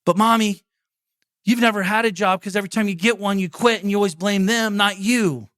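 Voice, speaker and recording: A man playing a whining young girl who pleads and talks back to her mother. The voice is raised and bright, a little above the man's normal range. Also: sits high, steady tone, fairly quick, dry recording, studio quality, pitched above the performer's own voice. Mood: accusing. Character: complaining young girl talking back to mom.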